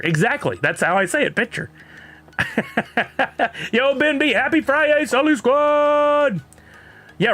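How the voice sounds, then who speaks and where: A man's voice: high-pitched, a bit bright. A man with a Texan accent chatting casually on a live stream, rambling and laughing often while reading chat.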